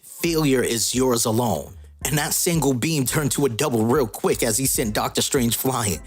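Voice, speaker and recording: A man's voice: mid-range voice, normal speed, slightly rough, soft background music. A man narrating a comic story recap casually, with slangy, joking asides.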